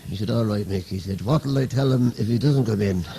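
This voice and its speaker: A young Irish man, a comedian, telling stand-up jokes as rapid-fire one-liners and switching into the voices of the people in them. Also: fairly low pitch, creaky, background noise. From Ireland. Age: young adult.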